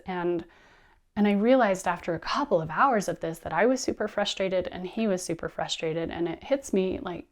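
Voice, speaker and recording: A woman in her thirties giving an animated lecture to teachers, telling a personal story with expressive delivery. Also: on the low side, moderate pace. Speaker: teacher trainer.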